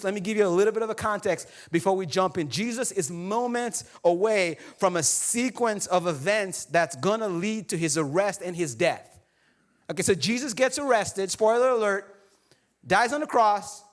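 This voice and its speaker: A man preaching a sermon to his congregation in a casual, joking way. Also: high voice. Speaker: pastor. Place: church hall before a congregation.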